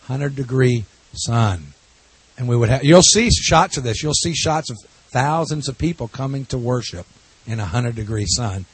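A man's voice: medium pitch, moderate pace, few pauses, breathy edge. A man speaking as a pastor to a congregation, telling stories in a folksy, joking way. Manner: folksy, jokey storytelling with laughs. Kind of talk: church talk to a congregation.

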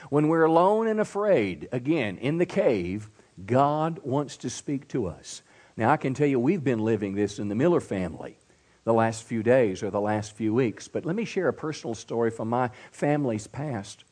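Middle aged guy preaching, pastor at church, punchy "come on" call-outs, goes quiet for stories. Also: medium pitch, animated, moderate pace. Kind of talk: sermon. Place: church service.

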